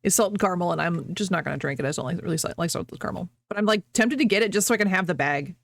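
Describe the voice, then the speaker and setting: A woman's voice: fairly low pitch, racing, creaky. A woman streamer chatting casually with her viewers, rambling, laughing often and breaking off mid-sentence.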